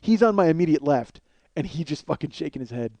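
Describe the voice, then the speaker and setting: Male podcast host, profane animated storyteller, mellow slightly high voice, dry sound. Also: a little fast, gravelly, no room sound. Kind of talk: comedic storytelling monologue.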